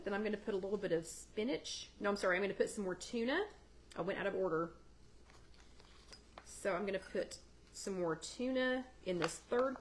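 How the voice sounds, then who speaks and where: A woman's voice: mid-range voice, a little hiss or hum. Chatty woman demoing a recipe live. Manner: chatty, talks to viewers in the live chat by name. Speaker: host of a live weight-loss chat. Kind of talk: casual cooking demo on a livestream. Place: home kitchen.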